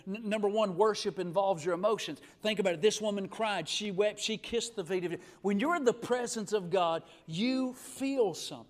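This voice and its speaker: A middle-aged man preaching a live revival sermon in a church, swinging from hushed asides to shouting, with folksy humor. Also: high voice, moderate pace, hardly any pauses. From Alabama. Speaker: guest pastor. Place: church sanctuary.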